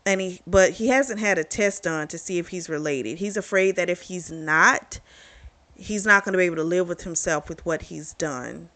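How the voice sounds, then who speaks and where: Woman, slightly low voice, casual book recap, candid, blunt, swears freely. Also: moderate pace, a bit bright. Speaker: book reviewer.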